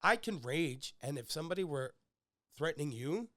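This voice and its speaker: A man's voice: on the high side, expressive, normal speed, fairly bright tone, no room sound. Young male podcast host, rambling crude storyteller, dry close mic. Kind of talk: casual podcast chat.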